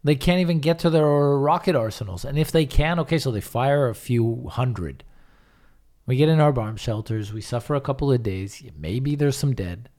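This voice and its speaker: A man's voice: medium pitch, animated, normal speed, a little mellow. A man co-hosting a podcast in casual chat, blunt and emphatic, swearing freely. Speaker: podcast co-host.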